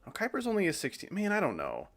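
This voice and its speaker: A man's voice: high-pitched, huge pitch swings, fast talker. A man streaming a game, rambling casually as he comments on his play. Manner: rambling, chatty, swears casually. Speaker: gaming streamer.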